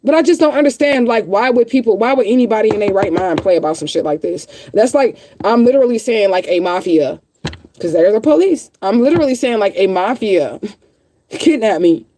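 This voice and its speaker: A woman's voice: medium pitch, expressive, a little fast, mellow, slight background noise. A woman livestreaming to her viewers, upset and close to tears, talking bluntly with lots of profanity and repeating herself for emphasis. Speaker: livestreaming vlogger. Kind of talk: emotional livestream rant to viewers.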